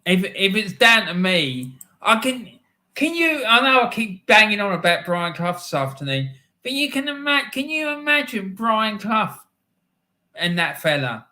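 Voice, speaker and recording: A middle-aged man talks football on his live stream. His voice is bright and forceful and sits a little high. He rambles through anecdotes and laughs often. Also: very animated, measured pace. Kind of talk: casual live-stream chat.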